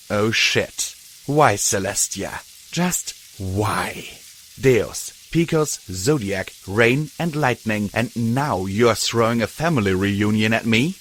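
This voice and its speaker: A man's voice: lowish voice, expressive, takes it slowly, fairly bright tone, slight background noise. A man narrating a fan fiction audiobook in the first person.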